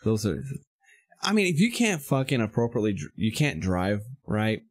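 Speaking at a normal pace in a lowish voice, a podcast host recounts a profane road-rage incident in casual conversation. He swears plenty and brings the story to life by performing the quoted voices of the back-and-forth.

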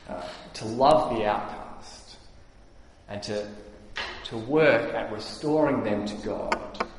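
A male preacher delivers a sermon in a mid-range voice, earnest and explanatory, often pausing on "uh". The sound carries a long, roomy hall reverb, as if heard across a church. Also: mid-range voice. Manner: earnest, explanatory, frequent "uh" pauses.

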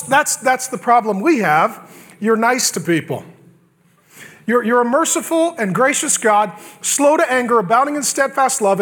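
Animated high-voiced male preacher. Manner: animated, acts out biblical characters with humor. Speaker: pastor. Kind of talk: sermon.

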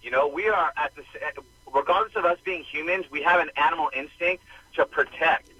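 A man's voice: a little high, a little fast, bright, forceful tone, breathy edge. A man calling in to a talk radio show, earnestly arguing his point. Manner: earnest, argumentative. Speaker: caller. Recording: distant, muffled phone line.

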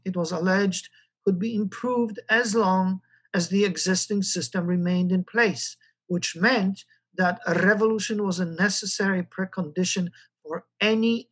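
A history lecturer giving a recorded lecture, talking in a halting way with frequent fillers. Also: mid-range voice, husky, low-quality recording.

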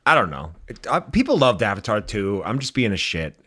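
A man's voice: on the low side, big pitch swings, a little fast, pushed and bright, slightly rough, dry recording. A man co-hosting a casual movie podcast from a home studio, sarcastic and self-deprecating, swearing freely. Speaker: podcast co-host. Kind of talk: casual chat about movies.

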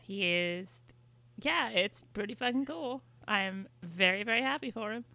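Podcast co-host, woman, bright voice, wry storyteller, dry close recording. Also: mid-range voice, expressive, measured pace, creaky, no room sound. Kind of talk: casual chat.

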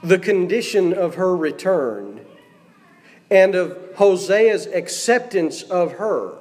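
A man's voice: high-pitched, darkish tone. A man preaching a sermon in a church, reading scripture aloud and putting questions to the congregation. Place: church sanctuary. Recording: long hall reverb.

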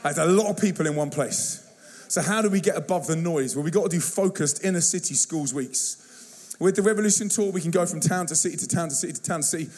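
A man preaching an energetic sermon to a church, telling stories in a punchy, slangy, excitable way. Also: a little high, quick pace. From United Kingdom. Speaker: guest youth evangelist. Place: church service.

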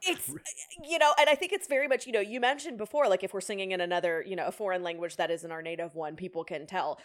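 A woman from the South, a podcast co-host and singer, chatting animatedly about opera. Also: mid-range voice. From American South. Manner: animated, quick to jump in, playful. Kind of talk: casual conversation about opera.

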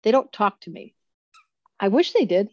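A woman in her sixties talks through a video call. She tells her stories in a lively, practical way and acts out the lines people said. The audio is a bit dull and muffled, and the sound is dry and close. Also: medium pitch, normal speed, no echo. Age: 60s. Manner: animated storyteller who acts out quoted speech. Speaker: astrologer guest. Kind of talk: casual interview storytelling.

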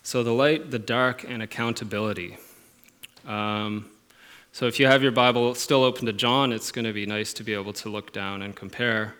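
Low-voiced man preaching earnestly. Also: fairly even intonation, normal speed, smooth. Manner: earnest, swings from quiet musing to emphatic stresses. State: emotional at moments. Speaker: pastor. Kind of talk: sermon.

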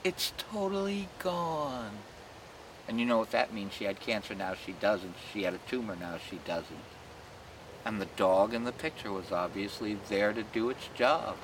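A man guiding a ghost tour, telling folksy stories and punchline jokes, with loud music behind. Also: fairly low pitch, moderate pace, noisy background. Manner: punchline-driven, folksy, laughs at own jokes. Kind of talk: joking storytelling tour talk.

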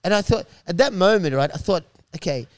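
A man telling a long story in casual chat, animated and profane, with many restarts and laughs. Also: high-pitched, a little fast, no room sound. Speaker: guest telling stories.

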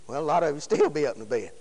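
A man's voice: on the high side, darkish tone. A man preaching a sermon, folksy and emphatic, often throwing rhetorical questions to the congregation. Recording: long hall reverb.

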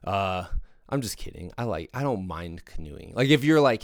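Young male podcast host, deep smooth voice, dry close sound, eager casual rambler. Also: lively intonation, normal speed, no echo. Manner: enthusiastic, rambling with fillers. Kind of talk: casual monologue.

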